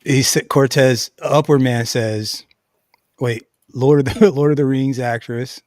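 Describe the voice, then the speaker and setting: A man at a middle pitch reacts to clips in casual commentary, often cracking up with laughter. He mutters asides between the bursts. The sound is close and dry. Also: steady tone, unhurried, darkish tone, dry recording.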